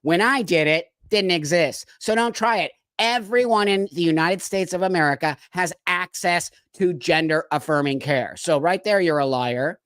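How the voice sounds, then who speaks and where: At normal speed and with few pauses, an older man hosting a live stream delivers an angry, blunt rant full of profanity and sarcastic mock quotes. His voice sits high with a fairly bright tone, and there's no echo in this heated commentary.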